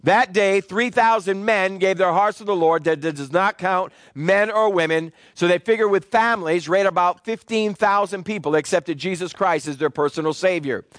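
A man preaching a teaching sermon in a fairly high voice, walking through scripture verse by verse. He has his congregation repeat key terms back to him. The sound is dry and close, with little room echo. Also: moderate pace, hardly any pauses, a bit bright. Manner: call-and-response with the congregation; explanatory, citing scripture verses. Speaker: pastor.

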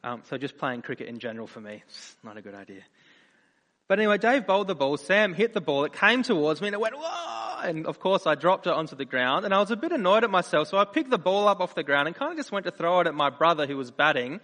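A man preaching a sermon, earnest in his appeals and animated when he tells personal stories. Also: fairly high pitch, quick pace. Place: church. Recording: reverberant church hall.

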